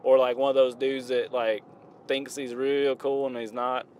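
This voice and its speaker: With a little hiss or hum in the background, a Southern-accented man reviews hip-hop outdoors, his drawling talk meandering and full of self-corrections. His mid-range voice is a little mellow, shows little pitch movement, and keeps a normal speed.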